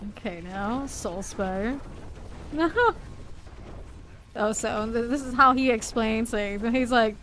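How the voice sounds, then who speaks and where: A woman's voice: fairly high pitch, steady tone, a little slow, a bit bright, a little hiss or hum, rough recording. A woman game streamer chatting casually and playfully while she plays, laughing often and exclaiming. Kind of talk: casual chat while live gaming.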